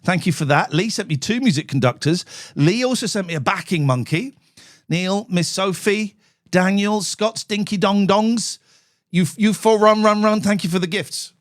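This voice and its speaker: A man's voice: high-pitched, normal speed. A man hosting a live call-in stream, brash and sweary, bantering with callers.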